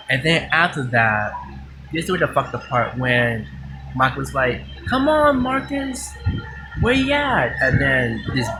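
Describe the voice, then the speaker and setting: A man giving a casual movie review, rambling excitedly with many restarts and some swearing. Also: mid-range voice, noisy background.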